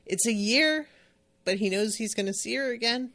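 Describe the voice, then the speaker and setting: A woman's voice: a little high, normal speed, fairly bright tone. A woman hosting a podcast, chatting casually about a book in a candid, emotional, rambling way, full of fillers. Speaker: podcast host. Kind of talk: casual book-discussion chat.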